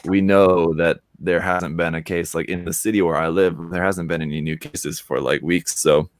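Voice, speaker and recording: A man in casual chat, talking quickly and loosely with many fillers. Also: low-pitched, steady tone. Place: lives in Korea.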